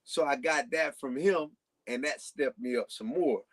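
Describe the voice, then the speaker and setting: A man's voice: medium pitch, a little slow. A man telling long casual stories as a guest on a talk show, rambling with frequent restarts. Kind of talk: casual storytelling.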